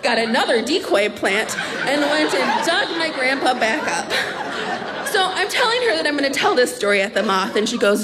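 A young adult woman telling a comic personal story on stage at a live storytelling event, animated and laughing as she talks. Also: high voice, normal speed, a loud crowd, heavy background noise. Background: audience laughter.

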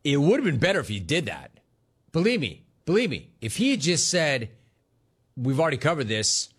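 With huge pitch swings and a brisk, husky delivery, a man whose voice runs a little high hosts a sports talk radio show. He mocks and laughs at callers, reading their messages in a sarcastic monologue.

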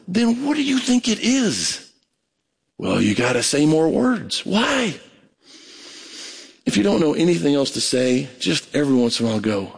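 A man preaching a sermon as pastor, conversational and animated, acting out prayers and voices. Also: high voice, moderate pace. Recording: long reverb of a large hall.

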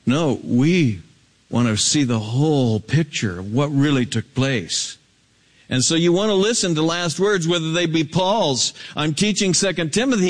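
A man preaching an expository sermon, swinging from soaring emphatic peaks down to low hushed asides. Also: animated, unhurried. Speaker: pastor.

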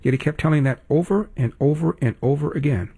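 A man's voice: fairly high pitch, fast, dark tone, breathy edge. A man hosting talk radio, delivering sarcastic, emphatic commentary.

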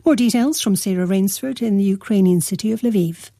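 Dark-voiced woman reading the news. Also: mid-range voice, dry recording, clean studio sound. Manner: measured, formal newsreading. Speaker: newsreader. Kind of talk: read news bulletin.

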